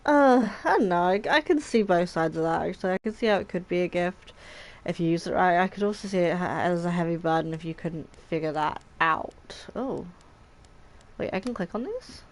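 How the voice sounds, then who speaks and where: Female gamer, heartfelt commentary, lower-pitched, soft-hearted reactions. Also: fairly quick, slight background noise. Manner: warm, tender reactions, easily moved to tears. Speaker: let's play gamer. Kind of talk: emotional gameplay commentary.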